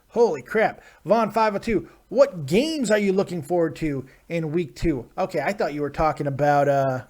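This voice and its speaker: A man's voice: on the high side, expressive, normal speed, few pauses, darkish tone. A man hosting a casual live-stream show, ranting with profanity and sarcasm while reading viewer chat. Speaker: host.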